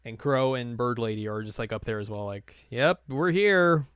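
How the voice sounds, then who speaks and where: A man's voice: on the low side, steady tone, brisk, clean tone, dry recording, studio quality. A man co-hosting a podcast, recapping in a rambling, filler-heavy casual chat. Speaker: podcast co-host.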